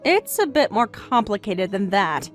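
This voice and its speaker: A woman voicing a polite, patient young wife in a dramatized text-message story, speaking gently and calmly. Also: mid-range voice, a little slow. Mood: mild. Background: faint music.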